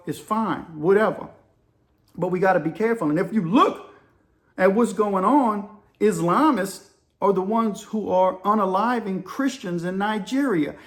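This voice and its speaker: A man talking casually and persuasively to his viewers, calling them y'all as he hosts his own channel. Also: sits high. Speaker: channel host. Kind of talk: casual opinion monologue to camera.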